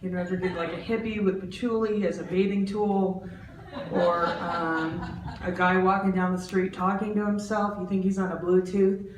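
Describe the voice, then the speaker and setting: A woman in her forties doing a stand-up comedy set, animated and lively, jumping into loud, high voices for the people in her stories. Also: normal speed. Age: 40s. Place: art center stage. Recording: roomy, distant, faint background noise.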